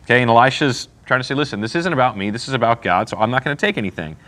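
A man's voice: medium pitch, racing, a bit bright. A man teaching a casual Bible class, asking the group questions and retelling scripture in slang.

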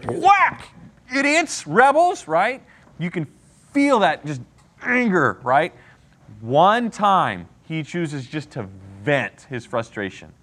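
A man teaches a Bible class with a lively, swooping voice. He keeps the class involved with questions and often checks in with "okay?" and "right?". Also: fairly high pitch, slow. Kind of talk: interactive Bible lesson.

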